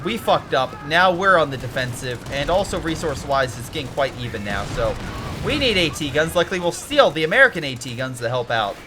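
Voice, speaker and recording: A man giving casual commentary on a strategy game replay, excitable and ranting, swearing and swinging from mutters to yells. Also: a little high, fairly quick, music in the background.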